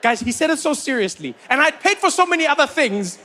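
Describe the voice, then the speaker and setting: A man doing stand-up comedy, telling stories in an animated, incredulous way. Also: very high voice, fast talker, a little hiss or hum.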